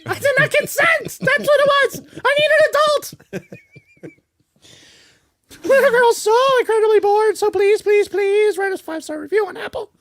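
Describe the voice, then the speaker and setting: A woman voicing a cheeky googly-eyed puppet, reading a comic plug in a shrill, bossy, pleading voice. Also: a little fast, few pauses, darkish tone, dry recording, studio quality. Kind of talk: comic ad read in a character voice.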